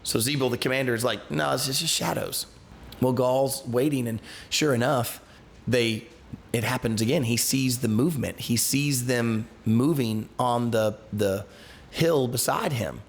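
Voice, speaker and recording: A man's voice: medium pitch, unhurried, slight background noise. A man who is a pastor leads a Bible study. He reads scripture aloud and then retells it in a loose, everyday way, with restarts and asides.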